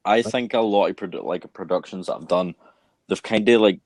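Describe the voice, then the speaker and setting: A man's voice: lowish voice, a little fast, a little mellow, dry recording. A young man giving casual, hesitant answers as an actor in an interview. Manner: hesitant, many fillers and restarts.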